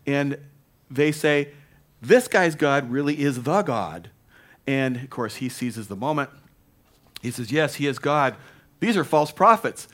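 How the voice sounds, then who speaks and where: A man's voice: mid-range voice, a bit bright. A man preaching a sermon, telling the story with playful asides and acted-out quotes. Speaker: pastor.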